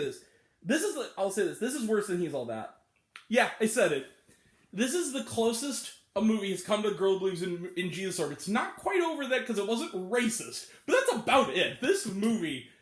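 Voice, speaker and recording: A man in his late twenties rants through a movie review. His voice sits high and swings widely as he vents his exasperation, with some swearing. The sound has a roomy echo. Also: very animated, normal speed. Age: 20s. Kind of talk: casual movie review rant. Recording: echoey room.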